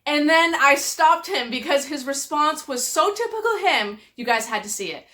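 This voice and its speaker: A woman's voice: sits high, lively intonation, moderate pace, sharp tone. A woman telling stories casually to camera, chatty and exasperated, with lots of "like". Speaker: vlogger.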